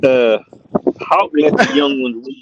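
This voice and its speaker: A man's voice: mid-range voice, a little slow, background noise. Upbeat male host on dull audio. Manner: laughs often, upbeat. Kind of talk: casual chat, channel shout-outs.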